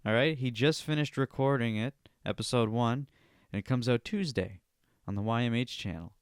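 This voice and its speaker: A man's voice: mid-range voice, normal speed, clear, resonant tone, no room sound, studio quality. Profane ranting man hosting a podcast. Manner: repeats "all right?" as a verbal tic. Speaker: podcast host. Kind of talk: solo podcast commentary rant.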